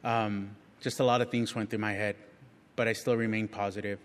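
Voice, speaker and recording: A man's voice: on the low side, level tone, a little fast. A middle-aged man giving a candid personal testimony at church, frank and self-mocking, chatty with frequent restarts. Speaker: church speaker sharing a testimony. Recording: long reverb of a large hall.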